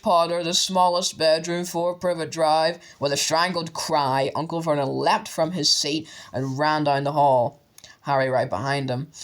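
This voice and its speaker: A man narrating an audiobook with steady storytelling. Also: medium pitch.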